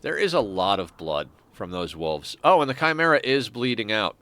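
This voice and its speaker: A man with a low, bright voice talks through a strategy game on stream. He thinks aloud, trailing off and restarting his sentences as he weighs each decision. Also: expressive, normal speed, no echo. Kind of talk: casual gameplay commentary.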